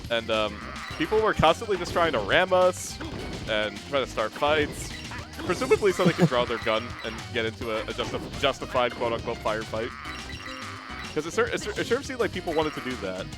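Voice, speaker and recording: A man talking fast while streaming a game, with game music playing clearly behind him. He rambles and drops deadpan jokes in a casual chat. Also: mid-range voice.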